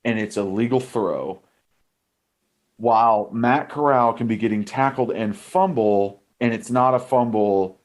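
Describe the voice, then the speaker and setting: A man's voice: mid-range voice, unhurried. A young man co-hosting a sports podcast, ranting heatedly about referees with frequent swearing. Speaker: podcast co-host, former offensive lineman. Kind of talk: casual sports podcast chat.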